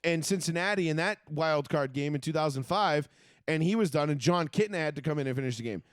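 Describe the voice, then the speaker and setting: Sports talk co-host, male, swearing and worked up; slightly higher pitch, very dry sound. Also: fast talker, clear, resonant tone, no room sound. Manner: profane, ranting, animated. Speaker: podcast co-host. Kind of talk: casual sports chat.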